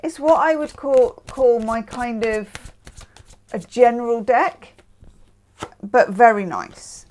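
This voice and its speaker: A woman's voice: on the high side, slow pace, long pauses, darkish tone. A woman from the UK hosting a casual tarot reading, chatting with self-mocking asides. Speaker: tarot reader.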